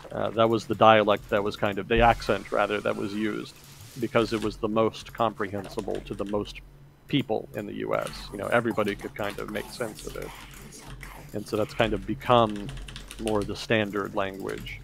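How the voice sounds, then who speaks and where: A man talks through his ideas on a podcast, slightly low in pitch and with a noticeably gravelly, fry-laden voice. He rambles as he explains, leaning on "kind of" and "you know" while he builds his point. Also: little pitch movement, normal speed, fairly bright tone, a little hiss or hum. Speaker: podcast host. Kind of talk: casual talk-show discussion.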